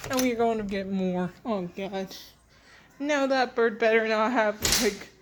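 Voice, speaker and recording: A woman with a slightly high voice rambles slowly through a casual vlog. She speaks softly and drifts from thought to thought, addressing her pets now and then, with faint animal sounds in the background. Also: background noise. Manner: soft-spoken, wandering, talks to her pets. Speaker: channel host.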